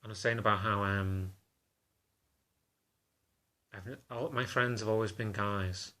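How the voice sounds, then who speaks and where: A man talking to camera in a confessional vlog, halting and self-conscious in a subdued, low-key way. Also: fairly even intonation, sharp tone. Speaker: vlogger.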